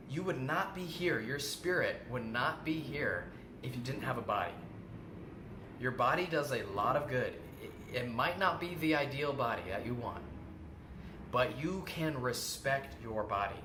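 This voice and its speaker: A man with a bright, forceful voice gives an earnest self-help lesson. He repeats his key points for emphasis. The room sounds echoey, with a faint hum of ambient noise behind him. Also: mid-range voice. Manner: earnest, repeats key phrases, acts out quoted self-talk. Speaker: host. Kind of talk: self-help coaching talk.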